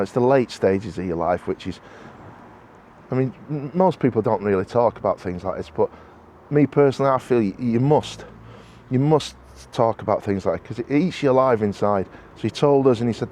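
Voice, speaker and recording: A man's voice: lowish voice, a little mellow, a little hiss or hum. A man speaks casually to camera outdoors. He rambles, repeats words and restarts his sentences. His delivery stays heartfelt and unpolished. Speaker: motorsport club organiser. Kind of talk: casual vlog talk to camera. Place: outdoors at a racing circuit.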